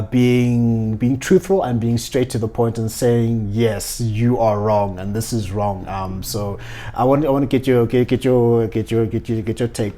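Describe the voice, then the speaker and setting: Animated South African male podcast host. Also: mid-range voice. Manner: animated storyteller, laughs often, many restarts. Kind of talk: casual interview chat.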